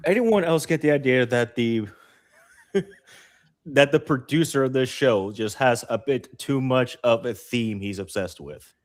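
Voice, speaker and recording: A man's voice: medium pitch, measured pace. A man playing a tabletop game, joking around and swearing casually. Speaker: player.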